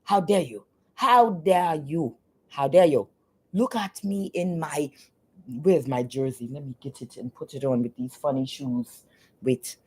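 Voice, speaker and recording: A woman putting on a swaggering former athlete man, bragging loudly and mockingly. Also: extremely low pitch, little pitch movement, normal speed, husky. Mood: boastful. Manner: loud, mocking, exaggerated bragging.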